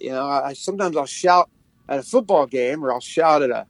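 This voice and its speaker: A middle-aged man, a pastor and worship leader, giving casual, upbeat advice in conversation and slowing down when he reads scripture. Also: mid-range voice, dry recording.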